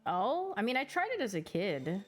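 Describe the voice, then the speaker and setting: A young woman chats casually on her stream, bubbly and quick to giggle. She slips into playful little voices for her pets as she talks. Soft music plays faintly underneath. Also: medium pitch, very animated.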